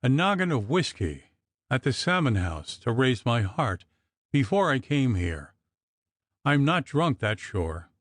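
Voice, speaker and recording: A man voicing a grim, menacing male church clerk in an audiobook, with a hoarse, level voice and quiet threat. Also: mid-range voice, big pitch swings, a little slow, no echo, clean studio sound. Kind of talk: audiobook character reading.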